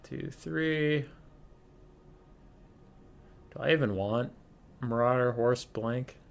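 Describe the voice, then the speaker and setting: A man's voice: medium pitch, slow pace, gravelly. A young man casually commentating his own strategy game stream, chatty and thinking aloud.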